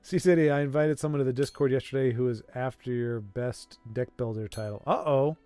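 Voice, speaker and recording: A young man live-streaming and commentating a card game, reacting excitedly with quick exclamations and jokey, rambling asides. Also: medium pitch, faint music behind.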